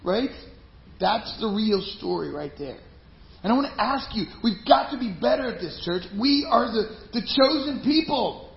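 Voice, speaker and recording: A man preaching a sermon to his congregation, talking conversationally, with some passages loud and emphatic and others dropped to a hushed aside. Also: sits high, expressive, normal speed, gravelly. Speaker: pastor. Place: church sanctuary. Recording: roomy, slightly dull live church recording with faint ambience.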